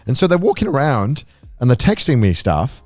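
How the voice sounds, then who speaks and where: A man's voice: medium pitch, very animated, normal speed, a little mellow, dry recording, soft background music. A man co-hosting a podcast, telling a rambling story and acting out quoted dialogue. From Wales. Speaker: podcast co-host. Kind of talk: casual chat.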